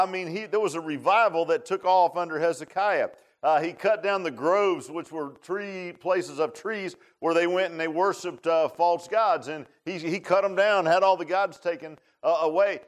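A middle-aged man preaching a sermon in a folksy, conversational way, full of "uh" fillers and restarts. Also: high-pitched. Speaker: pastor. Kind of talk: sermon with opening prayer.

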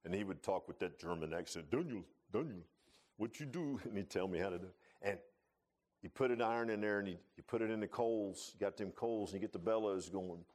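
At a quick pace, a middle-aged man gives a sermon as pastor in a folksy style. His delivery moves from loud bursts that rise in volume to low, hushed asides.

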